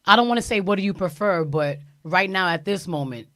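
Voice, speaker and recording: A woman's voice: fairly low pitch, expressive, brisk, fairly bright tone, no echo, clean studio sound. A female co-host in casual interview chat, reacting with giggly exclamations.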